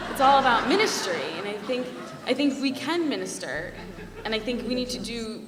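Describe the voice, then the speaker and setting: Recorded from far away in a reverberant hall with background noise, a young woman on a student panel talks earnestly and passionately. Her mid-range voice is chatty, leaning heavily on "like."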